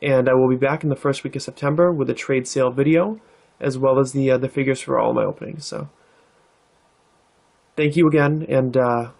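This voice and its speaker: Relaxed man hosting a card-opening vlog. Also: mid-range voice, fairly quick, creaky. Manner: relaxed, thoughtful, with many fillers. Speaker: card-opening channel host. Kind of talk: casual vlog narration.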